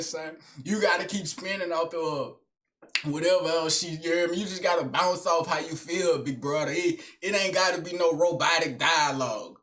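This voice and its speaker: Young man, vlogger, casual comedic monologue, slangy, rambling, animated, high-pitched. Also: normal speed.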